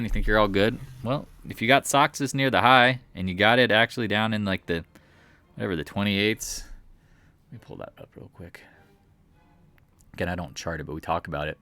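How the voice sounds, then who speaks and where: A man's voice: lowish voice, pushed and bright, no echo. A man giving a casual, rambling, jokey commentary while reviewing stock charts at home. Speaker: market commentator.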